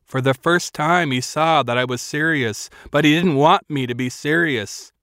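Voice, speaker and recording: A man's voice: a little high, moderate pace, a bit bright, no echo, studio quality. A man narrating a first-person audiobook in a wry, self-mocking storytelling manner.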